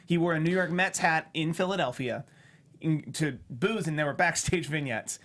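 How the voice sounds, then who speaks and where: Halting man making a measured point. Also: fairly high pitch, a bit bright. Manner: halting, measured, restarts often. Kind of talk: casual podcast chat.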